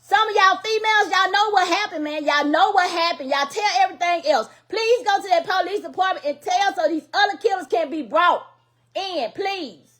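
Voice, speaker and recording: A grieving middle-aged mother from Louisiana, her voice strikingly high and sharply bright. She pleads and scolds in emphatic, repetitive bursts, raw with anger and grief. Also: moderate pace. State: grieving and angry. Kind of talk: impassioned public plea.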